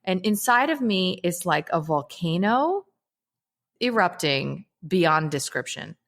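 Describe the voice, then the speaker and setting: Woman, interview guest and author, earnest and reflective, slightly low voice. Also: very animated, slow, a bit bright. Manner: earnest, frequent "you know" and "right?" asides. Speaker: guest, holistic psychiatrist and author. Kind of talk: casual reflective interview talk.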